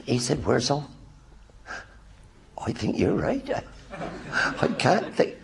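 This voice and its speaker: A man's voice: a little high, huge pitch swings, slow pace, gravelly, crowd noise. An older actor telling anecdotes in a one-man stage show in front of a live audience, acting out other people's voices as he goes.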